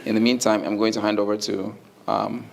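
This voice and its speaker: Low gravelly man making an announcement. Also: flat delivery, fairly quick. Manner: brief announcement, handing over to the teacher. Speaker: class organizer.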